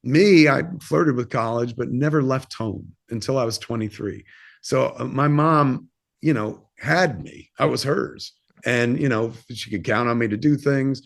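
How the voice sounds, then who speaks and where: A man in his fifties speaks as a guest on a podcast, telling a long personal story. He is open and unguarded, and he rambles through plenty of fillers and casual swearing. His voice sits at an ordinary middle pitch. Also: unhurried, creaky. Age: 50s. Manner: candid and rambling, swears freely, lots of fillers.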